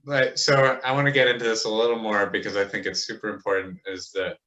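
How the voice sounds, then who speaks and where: A man with a very low voice speaks with an emphatic, indignant edge in casual conversation, cursing freely. His tone is bright and forceful despite the depth. The audio comes through a little muffled and lo-fi, as if over a remote call. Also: little pitch movement, quick pace. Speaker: podcast guest.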